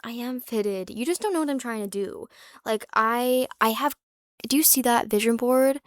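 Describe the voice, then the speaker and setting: With a fairly high voice at a moderate pace, a young woman chats casually in a vlog, candid and rambling, full of fillers and restarts. She swears freely and sometimes lowers to a whisper for asides. The recording is dry and studio quality.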